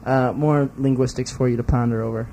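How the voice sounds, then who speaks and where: A man's voice: medium pitch, fairly quick, background noise. A man co-hosting a casual talk show, joking with dry sarcasm. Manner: dry, sarcastic, deadpan jokes. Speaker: podcast co-host. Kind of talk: casual banter.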